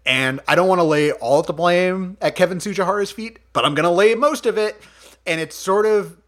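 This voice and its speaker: A man hosting a podcast, chatting casually about movies, animated, laughing often and swearing freely. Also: sits high, normal speed. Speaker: podcast host.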